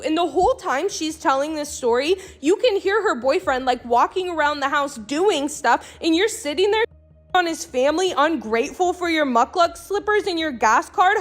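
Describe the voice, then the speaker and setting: Woman, online rant, indignant and incredulous, high lively voice. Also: normal speed. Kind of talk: commentary rant on a viral video.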